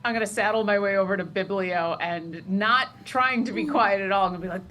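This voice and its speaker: A woman's voice: mid-range voice, fairly quick, few pauses, crowd noise. A woman in a tabletop role-playing game, cracking wry remarks. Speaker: player. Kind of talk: tabletop role-play chat.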